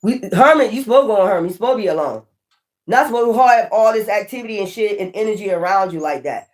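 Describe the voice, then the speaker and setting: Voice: mid-range voice, expressive, quick pace. Tarot reader, casual reading, blunt, profane, emphatic, preachy, mid-range voice. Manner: preachy, addresses viewers directly.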